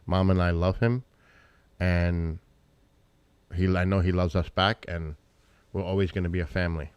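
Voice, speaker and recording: A middle-aged man hosting a live stream, chatting casually and rambling between searches and loud exclamations. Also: deep voice, steady tone, normal speed, smooth, dry recording, dull audio. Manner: rambling, talks to chat and family, breaks into loud exclamations.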